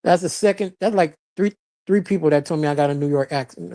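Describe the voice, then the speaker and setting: Blunt, chatty streamer with a mellow voice. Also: medium pitch, fast. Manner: loose, chatty, laughs often, blunt and profane. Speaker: live-stream host. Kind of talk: casual live-stream commentary, reading chat. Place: lives in Florida.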